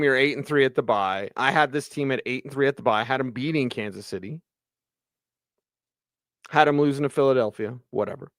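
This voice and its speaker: A man hosting a postgame sports radio show, ranting with animated exasperation and sarcastic asides. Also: on the high side, dry recording, studio quality. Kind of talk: postgame sports talk monologue.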